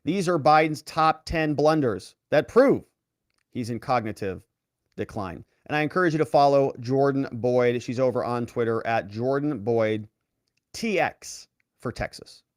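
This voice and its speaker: A man's voice: measured pace, no echo, studio quality. A man who is an attorney giving casual, sarcastic political commentary and reading articles aloud. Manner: animated and sarcastic, with wide swings in pitch.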